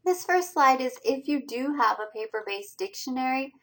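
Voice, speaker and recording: In a recorded slideshow lecture for a college reading course, a woman with a high voice and lively intonation explains each slide patiently at a moderate pace. She moves step by step and pauses to pose quiz questions to her students.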